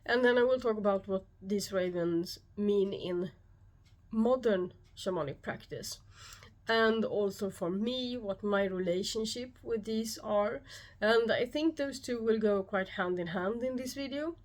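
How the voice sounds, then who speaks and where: A woman speaking English with a Swedish accent hosts her own channel and explains her topic to the camera. She takes her time, calm and measured with frequent pauses, in an unhurried, slow delivery at a middle pitch. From Sweden. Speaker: YouTube host and shamanic practitioner. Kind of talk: solo explanatory talk to camera.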